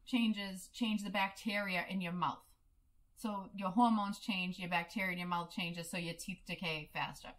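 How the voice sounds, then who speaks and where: Bright chatty woman in her 30s, explains stuff then tells animated stories. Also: mid-range voice, normal speed. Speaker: podcast co-host. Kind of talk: casual chat.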